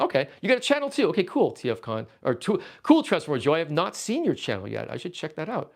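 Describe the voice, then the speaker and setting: A man from Canada, speaking briskly in a slightly high voice, hosts a relaxed livestream while boxing up his toy collection. He's rambling and playful, easily excited, and reads viewers' chat messages out loud.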